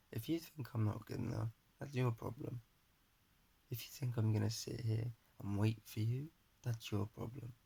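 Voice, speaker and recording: A young man talking to a phone camera in his flat, giving a rambling, earnest personal monologue and pep talk. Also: mid-range voice, creaky, husky. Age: young adult. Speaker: vlogger. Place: his flat at home, indoors. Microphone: phone camera held in front of face.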